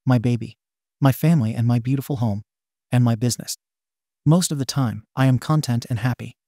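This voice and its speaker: Male narrator for online story readings: warm, dark tone, dry close sound, steady first-person delivery. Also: mid-range voice, dry recording. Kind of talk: scripted narration of online posts.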